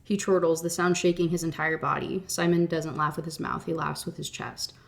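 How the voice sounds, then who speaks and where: A woman's voice: low-pitched, level tone, fairly quick, gravelly. A young woman retelling a novel in a casual rant review, chatty, swearing, and full of "like". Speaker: book reviewer.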